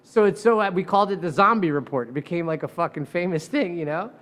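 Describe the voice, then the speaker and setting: A man, a defense attorney, telling courtroom stories in a casual, animated way, acting out the voices of the people he quotes and swearing freely. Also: high voice, fast talker. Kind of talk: casual storytelling.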